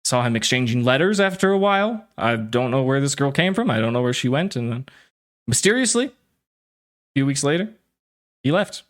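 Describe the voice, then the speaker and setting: A man voicing a stubborn older father who tells his story in halting, rambling bursts. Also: medium pitch, big pitch swings, lightly acted. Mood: wistful. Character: stubborn older Draconid father, wistful and gruff.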